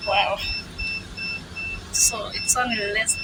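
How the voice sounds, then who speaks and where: A woman vlogging on a handheld phone at a railway station and on board a train. She gushes with excitement and repeats herself often. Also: on the high side, slow, loud music behind the voice. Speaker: travel vlogger. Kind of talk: casual vlog narration. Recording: noisy phone recording on the move.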